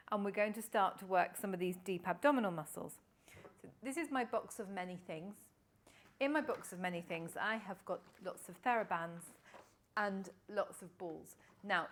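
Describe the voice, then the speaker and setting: A woman leads a Pilates session at home, talking the listener through each movement with calm, encouraging cues. Her voice sits in a middle pitch, and she counts breaths and repetitions at an even pace. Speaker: Pilates instructor. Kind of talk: guided exercise class instruction.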